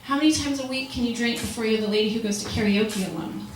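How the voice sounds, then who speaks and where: Young woman doing stand-up, high voice, chatty and self-mocking, echoey club mic from far off with a noisy crowd. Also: fast talker. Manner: chatty, self-deprecating, animated storytelling. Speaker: stand-up comedian. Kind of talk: stand-up comedy set. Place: small comedy club. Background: audience laughter.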